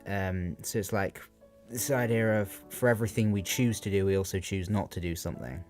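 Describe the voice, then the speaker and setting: With a steady tone and a slightly mellow, low voice, a young man moves briskly through his unscripted revision analysis of a poem. He hesitates and uses many fillers, and faint guitar music plays behind him.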